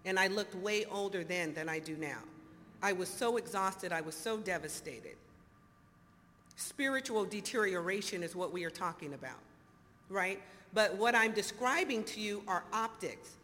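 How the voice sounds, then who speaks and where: Fifty-something lady sharing her sobriety story, bright sharp voice, big echoey hall, faint hiss. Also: medium pitch, normal speed. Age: 50s. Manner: animated storyteller, acts out dialogue, laughs often. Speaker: speaker sharing recovery story. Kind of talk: recovery talk to an audience. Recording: hall reverb, faint noise.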